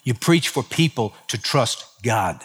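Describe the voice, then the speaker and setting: A man's voice: mid-range voice, animated, measured pace, husky, in a large hall. A man preaching a sermon as pastor, impassioned, acting out both sides of conversations. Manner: impassioned preaching with acted dialogue.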